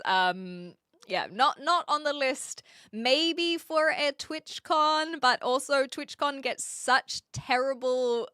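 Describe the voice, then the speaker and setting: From her attic, a bubbly young New Zealand woman live-streams, reading out viewers' chat and laughing often. Her high, bright, giggly voice carries a New Zealand accent softened by years in Australia and the UK. The recording is dry and close-miked, with no room sound.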